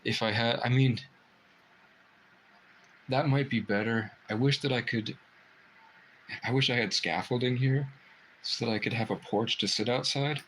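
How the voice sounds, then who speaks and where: A man's voice: mid-range voice, a little slow, pauses often, a bit bright, a little hiss or hum, poor audio. Rambling, profane male livestreamer. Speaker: livestream host. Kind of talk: casual livestream chat. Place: private room indoors.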